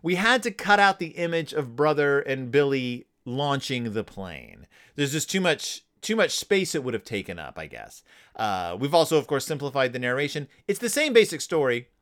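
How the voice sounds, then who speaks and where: A man hosting a podcast, casually talking through a children's book with frequent restarts and fillers. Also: mid-range voice. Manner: lively, halting with many restarts and fillers. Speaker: podcast host.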